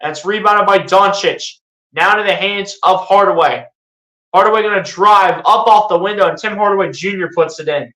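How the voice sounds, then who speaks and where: An excitable fan calls basketball play-by-play live with a bright, forward tone. The voice rings in a roomy, echoey space. Calm calls keep turning into sarcastic jabs and pleading outbursts. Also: mid-range voice, moderate pace. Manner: excitable, rises into sarcastic rants and pleas.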